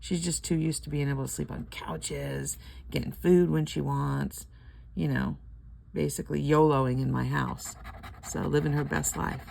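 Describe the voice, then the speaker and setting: A woman's voice: low voice, fairly even intonation, unhurried, creaky, a little mellow. An older woman chatting casually and rambling at home while scratching lottery tickets, laughing often.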